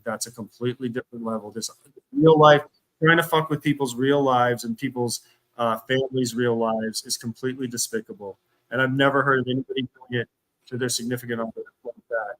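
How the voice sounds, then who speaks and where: A man's voice: mid-range voice, a little fast, fairly bright tone, low-quality recording. A man on a livestream, ranting angrily and bitterly, repeating himself as he talks. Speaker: streamer. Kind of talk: angry livestream rant.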